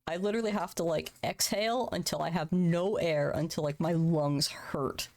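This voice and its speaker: A woman's voice: on the low side, moderate pace, darkish tone. A woman in her thirties, a streamer, talking candidly and emotionally on a livestream from home, swearing casually. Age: 30s. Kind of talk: candid personal talk on a livestream. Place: home room.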